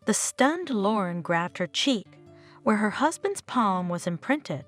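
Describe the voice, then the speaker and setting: A woman narrating a dramatic story in an animated, expressive reading. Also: mid-range voice, slow pace. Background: soft guitar music.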